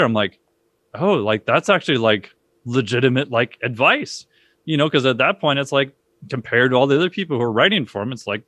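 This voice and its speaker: A man tells stories casually as a podcast guest, animated and quick to act out the voices of others. His voice sits in the middle range and is recorded dry and close, with no room sound. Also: dry recording. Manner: animated, acts out quoted voices with big pitch jumps. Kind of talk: casual conversational storytelling.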